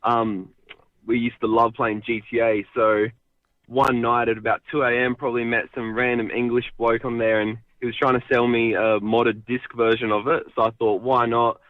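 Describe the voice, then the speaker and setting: A man calling in to a radio show, telling a story in a relaxed way. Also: mid-range voice, normal speed, dry recording. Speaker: caller. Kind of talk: phone-in anecdote. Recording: muffled phone-in line.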